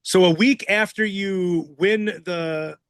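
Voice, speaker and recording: A man's voice: high voice, slow pace, clean tone, dry recording, studio quality. A man hosting a casual podcast interview, asking loose questions with fillers and restarts. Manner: relaxed, asks questions with many fillers and restarts. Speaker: podcast host.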